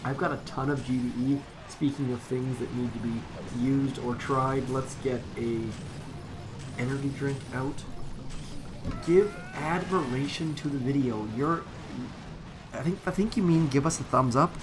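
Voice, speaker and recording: A man's voice: medium pitch, unhurried, background noise. A man commenting casually on a live game stream, rambling and correcting himself as he talks to his chat.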